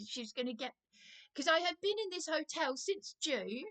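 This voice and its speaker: A woman's voice: very high-pitched, very animated, normal speed, a bit bright. A woman on a phone call, distressed and rambling, her voice climbing as she gets angry. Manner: distressed, rambling, voice rising into anger. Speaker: caller.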